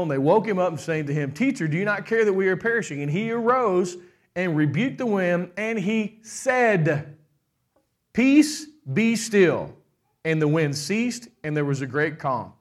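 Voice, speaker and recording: A middle-aged man preaching a sermon with animated delivery, putting on quoted voices and asking the congregation questions. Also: high voice. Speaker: pastor.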